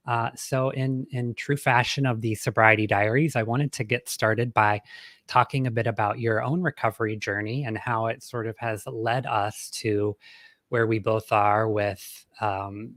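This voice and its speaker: A man's voice: fairly low pitch, a bit bright, dry recording, studio quality. A man hosting a casual live-stream podcast interview, speaking in a friendly, chatty way with frequent fillers and restarts over a video call. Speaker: podcast host.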